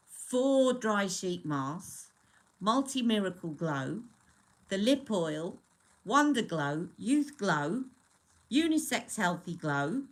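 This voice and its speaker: A woman's voice: on the low side, fairly bright tone. Chatty woman hosting a beauty live stream. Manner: chatty, greets viewers by name, rambling asides. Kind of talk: casual live-stream chat.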